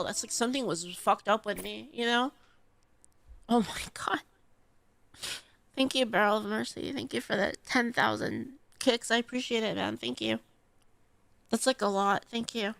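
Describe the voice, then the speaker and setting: A woman's voice: fairly high pitch, creaky, fairly bright tone. A woman streamer rambling emotionally and swearing often during a casual livestream.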